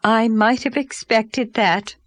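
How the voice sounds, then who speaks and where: A woman voicing a pompous, overdressed middle-aged society lady, speaking in an affected, haughty, drawn-out way. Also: fairly high pitch, steady tone, fairly bright tone, dry recording. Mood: indignant.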